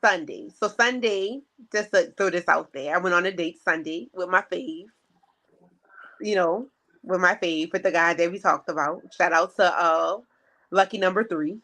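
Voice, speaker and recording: Chatting casually on her podcast, a woman co-host relates a story and performs the dialogue of each person in it with plenty of animation. She speaks in a lowish voice at a moderate pace.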